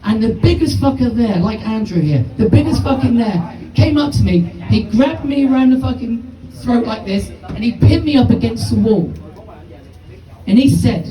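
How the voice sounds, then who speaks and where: A man tells a rambling stand-up story full of swearing. His voice is mellow and dark. He sounds far off in an echoey room. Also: very high voice, lively intonation, normal speed. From United Kingdom. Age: 50s. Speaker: stand-up comedian. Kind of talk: live stand-up comedy. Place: small comedy venue with audience. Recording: distant, echoey live room.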